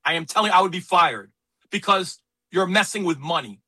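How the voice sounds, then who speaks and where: A man's voice: high voice, slightly rough. A man hosting a talk radio show, speaking in an emphatic, opinionated way about sports and politics. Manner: animated, emphatic, quick asides. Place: radio studio.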